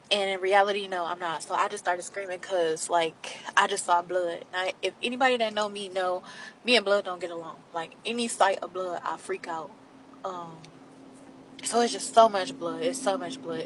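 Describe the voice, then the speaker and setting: A woman's voice: on the low side, fairly bright tone, slight background noise, low-quality recording. A young adult woman, telling a story to her viewers in a candid, blunt way. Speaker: vlogger. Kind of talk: storytime vlog.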